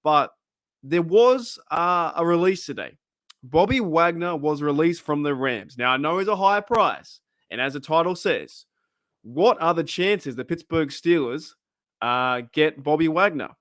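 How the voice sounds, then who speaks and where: This fairly high, fairly bright male voice is expressive and unhurried as he rambles in casual talk to camera, quizzing viewers on his fan channel in an Australian accent. The studio sound is clean with no room sound.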